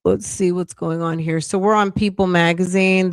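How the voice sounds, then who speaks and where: A woman's voice: lowish voice, steady tone, normal speed, clean tone, dry recording. A middle-aged woman hosting a casual livestream, reading news aloud, reacting bluntly and greeting viewers by name with pet names. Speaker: livestream host.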